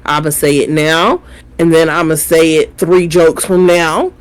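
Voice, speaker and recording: A man co-hosting a relaxed review chat, with a mid-range voice. He talks animatedly, repeating and rephrasing his points to drive them home. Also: fairly high pitch, measured pace, smooth, rough recording. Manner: animated, explaining with repetition. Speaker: podcast co-host.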